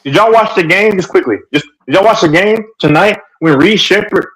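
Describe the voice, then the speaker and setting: A man in casual sports banter, excited and joking, often cutting in. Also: high voice, brisk, rough recording.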